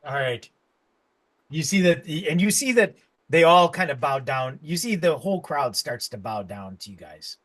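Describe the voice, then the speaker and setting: A man narrating a tabletop game as game master, halting and restarting often. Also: fairly high pitch, animated, a bit bright.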